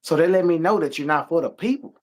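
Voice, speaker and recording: A fast-talking man whose voice runs on the high side co-hosts a casual talk show. His heated contribution is an emphatic, animated rant full of swearing.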